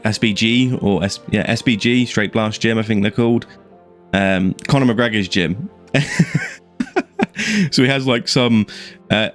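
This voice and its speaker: Low-voiced Irish man rambling about fights. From Ireland. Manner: rambling, with many fillers and restarts. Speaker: MMA YouTuber. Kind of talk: casual fight-prediction chat.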